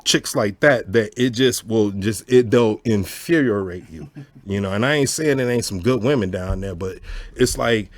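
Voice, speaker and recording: A man telling a story in casual chat, animated and profane, laughing often and asking whether the listener gets his point. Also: on the low side, moderate pace, dry recording. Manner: animated, profane, laughs often, keeps asking "you know what I'm saying". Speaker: storyteller host.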